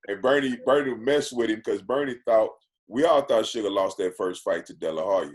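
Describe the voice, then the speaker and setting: A man from Texas, a guest on a podcast, telling stories casually in an animated way, repeating phrases for emphasis. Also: on the low side, normal speed. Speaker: podcast guest, actor and former football player. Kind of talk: casual storytelling.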